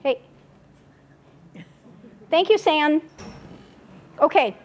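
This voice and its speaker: A woman giving a casual, chatty report at a group meeting, animated and full of asides and restarts. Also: high-pitched, drawn-out words, lo-fi sound. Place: meeting room.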